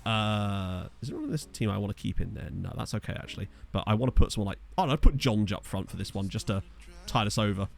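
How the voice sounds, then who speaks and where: A lowish, creaky male voice, animated and quick, belongs to a young man from Essex. He casually streams a football management game in his Essex accent, answering viewers by reading their chat aloud and making jokey asides.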